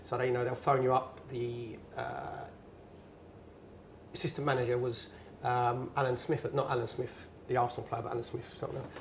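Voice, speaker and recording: A man's voice: medium pitch, little pitch movement, normal speed, a little hiss or hum. Earnest man telling stories, emphatic. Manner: earnest, emphatic, many restarts. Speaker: guest, former footballer. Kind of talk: storytelling in a conversation.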